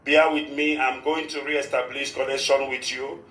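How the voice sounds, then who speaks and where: A man's voice: mid-range voice, little pitch movement, moderate pace, fairly bright tone, reverberant, slight background noise, rough recording. A man hosting a live radio show in a formal, repetitive manner, with a short prayer. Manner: formal, repeats "of course" often. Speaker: radio host.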